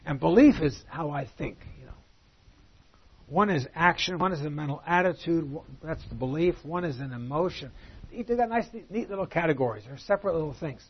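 A man with a slightly higher, husky voice teaches through a Bible passage, chatting with his listeners and posing rhetorical questions. He slows down to read each verse aloud. The recording is dull and lo-fi. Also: expressive. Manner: conversational, rhetorical questions, reads scripture aloud slowly.

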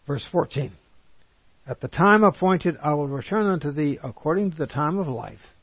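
A man giving a Bible teaching sermon, reading scripture slowly and emphatically and then explaining it in plain words. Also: on the high side, animated, husky, dry recording, muffled recording. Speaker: preacher.

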